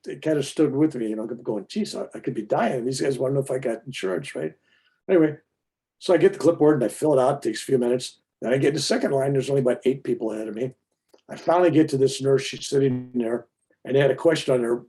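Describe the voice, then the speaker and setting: Mellow-voiced man in his fifties, telling his story. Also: mid-range voice, fast talker. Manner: animated storyteller, acts out dialogue. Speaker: speaker. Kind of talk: personal story told to an audience. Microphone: video call.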